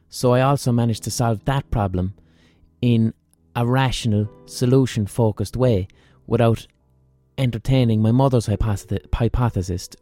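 Irish male podcast host, mellow dark tone, dry close-mic sound with faint music under it; rambling, sweary, self-mocking storyteller. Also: fairly low pitch, dry recording. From Ireland. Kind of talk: casual storytelling monologue.

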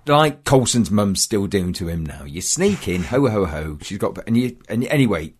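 Animated man telling stories. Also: lowish voice, moderate pace, slightly rough. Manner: animated, acts out voices in his stories. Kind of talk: casual chat, comic storytelling.

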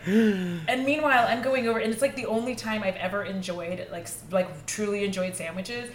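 A young American woman chatting as a podcast guest, animated, laughing often and tossing in playful asides. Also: medium pitch, a little fast, echoey room, very noisy. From United States. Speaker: podcast guest, beauty YouTuber. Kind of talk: casual podcast chat.

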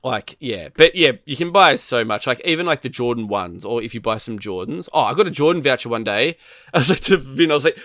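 Male podcast co-host, mid-pitched, rambling and profane, close dry sound. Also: brisk, no room sound. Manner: rambling, profane, animated storytelling. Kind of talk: casual gaming chat.

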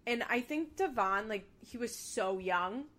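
A woman's voice: fairly high pitch, lively intonation, unhurried, crowd noise. A woman co-hosting a casual chat, animatedly retelling scenes with lots of filler words. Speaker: podcast co-host recapping a reality show.

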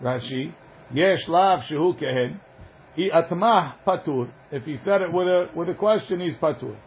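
A man's voice: fairly high pitch, moderate pace, highs cut off, a little hiss or hum. A man giving an informal study lecture, chanting passages of ancient text and then explaining them in casual conversational English. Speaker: Talmud teacher.

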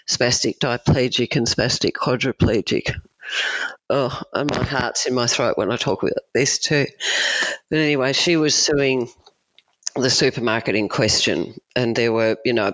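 A woman's voice: extremely low pitch, dry recording, dull audio. A middle-aged Australian woman, a family lawyer, chatting candidly as an interview guest and saying "you know" a lot. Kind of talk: casual chat.

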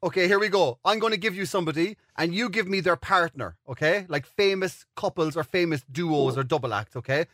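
A man hosting a casual podcast, quizzing his co-host on phrases and famous pairs, teasing him and laughing loudly. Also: brisk, few pauses. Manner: teasing, bursts into high laughter.

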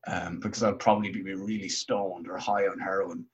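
A man hosting a podcast, chatting casually over a video call and joking with a deadpan, teasing manner. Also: low-pitched, fairly quick, slightly rough. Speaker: podcast host. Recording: dull lo-fi call audio.

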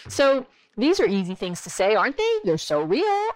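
A woman's voice: normal speed, hardly any pauses, poor audio. A woman in her forties, a therapist hosting a relationship advice podcast, talking animatedly and acting out bits of dialogue. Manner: animated, acts out quoted dialogue with big pitch jumps.

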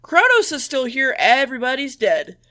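A woman with a slightly high, bright voice rattles through a plot summary as a podcast co-host. She is flippant and sweary, and she slips into quick voiced quotes. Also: sing-song. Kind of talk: casual plot recap.

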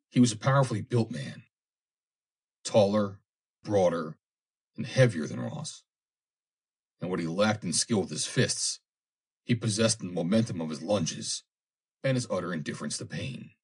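A man reads an adventure story aloud in a measured, dramatic way. His voice sits very low and deep. It has a husky, breathy grain. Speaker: narrator. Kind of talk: dramatic audiobook narration.

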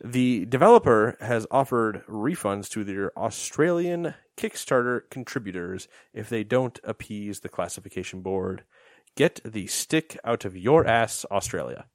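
A man's voice: on the low side, lively intonation, a little slow, dry recording, clean studio sound. A man co-hosting a casual gaming news podcast, joking and swearing while he reads out news items. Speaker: podcast co-host.

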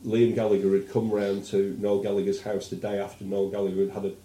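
A man's voice: fairly low pitch, flat delivery, quick pace, warm tone. Wry English man in an echoey room. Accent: posh English. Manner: rambling, wry, storytelling. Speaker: podcast co-host. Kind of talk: casual chat.

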